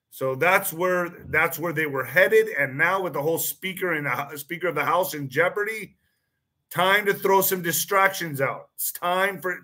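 Rambling through casual monologue commentary, a male online show host speaks in a bright, slightly high voice. Words and phrases repeat, restarts and fillers are frequent, and he voices claims as pointed questions.

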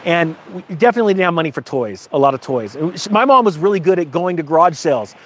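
Man, high voice, casual talk to viewers, animated storytelling, asks the audience questions. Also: fast, a little hiss or hum. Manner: animated storytelling, rises in pitch for quoted lines. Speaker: host.

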